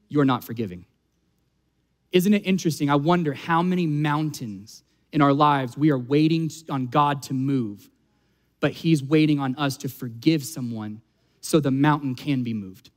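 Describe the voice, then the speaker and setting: A man preaching a sermon, earnest and building to emphatic peaks. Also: on the high side. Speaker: pastor.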